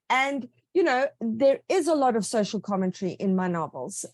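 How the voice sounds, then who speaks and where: A woman author answering interview questions, telling stories about her writing with lively enthusiasm and quick asides. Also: a little high, no echo, clean studio sound.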